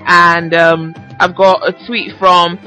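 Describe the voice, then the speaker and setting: A woman's voice: on the low side, level tone, takes it slowly, bright, forceful tone, faint music behind, low-quality recording. A young woman hosting a casual solo podcast, chatty and teasing, laughing often at her own remarks. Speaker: podcast host.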